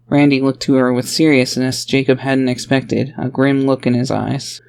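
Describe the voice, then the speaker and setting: A man reading a fantasy audiobook aloud, his narration even and steady. His voice sits at a middle pitch, neither high nor low. The delivery is scripted and unhurried. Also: creaky, smooth.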